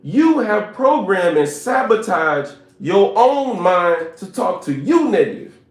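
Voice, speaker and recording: A fairly high-voiced man speaks with emphatic, preacher-like drive, repeating his points and calling on viewers to answer in the chat. The room around him rings with echo, and soft music sits underneath. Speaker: motivational speaker. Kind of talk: motivational live stream talk. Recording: roomy echo with faint music.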